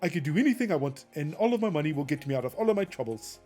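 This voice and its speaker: A man's voice: a little high, lively intonation, very fast, dark tone, faint music behind, voice pushed down. A man doing a smug tech-mogul drawl. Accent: South African, badly faked. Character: boastful rich tech mogul, man, South African accent.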